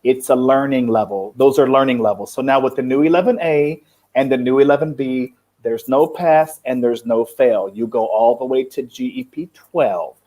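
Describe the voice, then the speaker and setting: A man chatting casually as an English teacher, upbeat and patient, laughing often and explaining things slowly. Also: medium pitch, a little mellow. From foreign, living in Cambodia. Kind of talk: casual live-stream chat.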